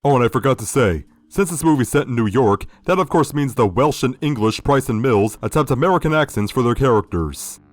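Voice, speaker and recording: Sardonic male video critic, mid pitch, dry close sound. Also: animated, fairly quick, few pauses, dry recording. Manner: sardonic, profane. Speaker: video essay host. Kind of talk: critical review commentary.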